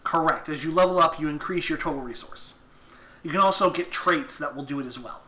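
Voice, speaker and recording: A man's voice: on the high side, fairly quick, pushed and bright. A man running a tabletop game as game master, describing the action and patiently explaining the rules. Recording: roomy echo, faint noise.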